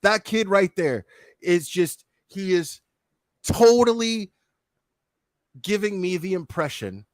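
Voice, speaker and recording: Streamer, male, high-pitched for a man, swearing rant, dry close sound. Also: lively intonation, slow pace, long pauses, dry recording. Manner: profane, heated, talks straight to chat. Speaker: streamer commenting on a video. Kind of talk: casual ranting commentary.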